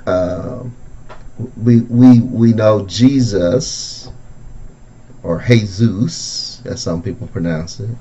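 Pastor musing through a Bible study. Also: male voice, medium pitch, darkish tone, highs cut off. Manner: conversational, musing, drawn-out phrasing. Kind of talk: interactive Bible study teaching.

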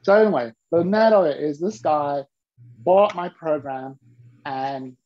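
A man and business mentor telling stories to an interviewer in an animated way, acting out the voices he quotes. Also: fairly high pitch, unhurried, highs cut off. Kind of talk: storytelling to an interviewer.

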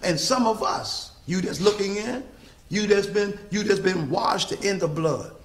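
A man's voice: sits high, a little slow, roomy sound. A man preaching a sermon with call-and-response, stretching out his key phrases for emphasis.

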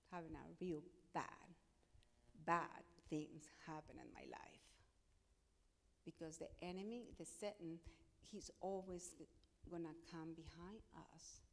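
A woman's voice: fairly low pitch, darkish tone. A middle-aged woman pastor with a Spanish accent, telling her testimony in a sermon and acting out the dialogue with emphasis. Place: church sanctuary. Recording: long hall reverb.

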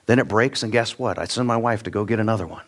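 Earnest male pastor preaching. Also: quick pace. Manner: earnest, direct, repeats words when starting a thought; swings between loud emphatic peaks and quiet low asides. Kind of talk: sermon. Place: church.

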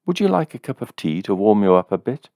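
A man's voice: on the low side, big pitch swings, quick pace, darkish tone, no echo, studio quality, pitched above the performer's own voice. A man reading a story voices a sympathetic landlady in her forties, speaking in a raised, lighter tone. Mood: hospitable. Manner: solicitous, sympathetic.

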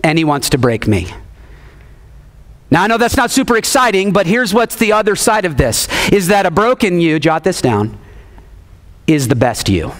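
Male pastor, 30s, lively sermon storyteller who repeats refrains and calls on the room, somewhat high-pitched.

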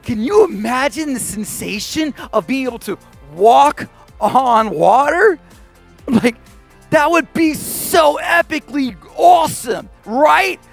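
High-voiced animated children's pastor. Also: male voice, slow, vocal fry, soft background music. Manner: animated, playful, acts out voices. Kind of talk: kids' Bible lesson. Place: church kids' stage.

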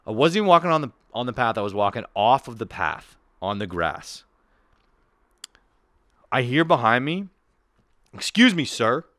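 Man, podcast host, profane animated ranter, lively pitch. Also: normal speed, pauses often, no echo. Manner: animated ranting, swears a lot, laughs often. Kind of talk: casual profane comedy chat.

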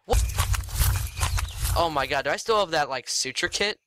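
A young man giving excitable let's-play commentary, yelping and laughing at in-game scares. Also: a little high, normal speed, pauses often, background noise. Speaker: gaming video creator.

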